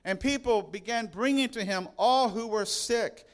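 Male pastor, sermon in church, high voice, emphatic, slow stressed words, playful asides. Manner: emphatic, drawn-out stresses, retells scripture with humor.

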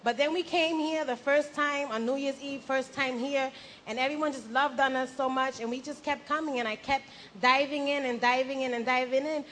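Young woman, high pitched, warm and lively testimony delivery at church with faint background noise. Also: moderate pace. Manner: animated, acts out her own past words, laughs at herself. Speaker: church member giving testimony. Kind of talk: personal faith testimony. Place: church gathering.

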